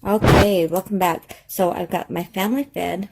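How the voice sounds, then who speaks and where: A woman's voice: on the low side, steady tone, normal speed, creaky, hardly any pauses, a little hiss or hum. A woman hosting a home cooking vlog, talking casually with lots of fillers and restarts as she cooks in her kitchen. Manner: rambling, chatty, lots of fillers and self-corrections.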